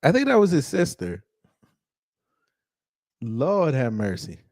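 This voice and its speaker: A man's voice: mid-range voice, wildly swooping pitch, darkish tone, no room sound. A man hosting a video reaction, throwing out exclamations and laughing hard between short remarks. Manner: slow drawn-out exclamations. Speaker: reaction channel host.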